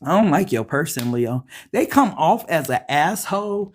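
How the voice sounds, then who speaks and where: A woman giving a casual tarot reading, talking straight to viewers in a blunt, profane way that jumps into high, excited bursts. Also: normal speed, breathy edge. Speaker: tarot reader.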